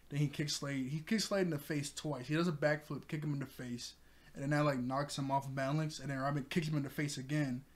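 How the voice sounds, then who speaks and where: A man with a medium-pitched voice recaps a cartoon episode for his channel in a casual, excitable way, laughing often and breaking into loud exclamations.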